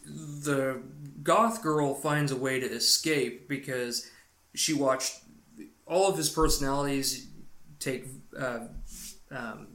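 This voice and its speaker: A man's voice: mid-range voice, steady tone, slow pace, fairly bright tone. Man, podcast co-host, loose cursing recap, roomy echo. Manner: profane, rambling storytelling. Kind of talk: casual movie recap.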